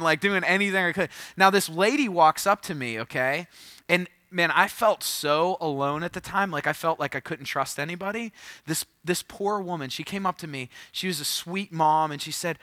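A man's voice: a little high, moderate pace, dry recording. A man in his thirties, a pastor telling a funny, self-deprecating story in a sermon. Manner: humorous, self-deprecating, bursts into loud acted quotes.

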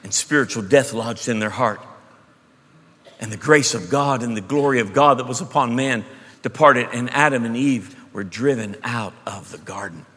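Pastor, man, mid-pitched, emphatic sermon delivery, booming hall echo. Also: moderate pace, husky. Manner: emphatic preacher, shifts between loud bursts and hushed asides. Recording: long hall reverb.

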